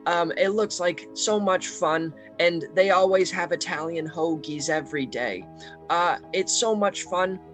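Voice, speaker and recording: A man's voice: on the high side, unhurried, fairly bright tone, soft background music. A man voicing a nervous teen boy, the newest member of a henchman club, trying out a New York accent and rambling hesitantly in improvised comedy. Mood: eager. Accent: attempted New York.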